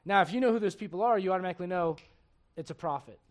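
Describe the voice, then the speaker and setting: A man with a high-pitched voice preaching a midweek Bible study sermon. He reads scripture aloud and climbs in pitch and volume when he drives a point home. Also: rapid-fire. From raised in a Spanish-speaking home. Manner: animated, rising and loud on emphatic points, reads scripture aloud. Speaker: pastor.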